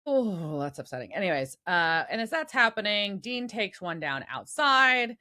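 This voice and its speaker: A woman co-hosting a podcast, chatting casually in an animated, playful way. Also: mid-range voice. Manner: animated, playful, slips into quick character voices. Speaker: podcast co-host. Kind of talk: casual chat.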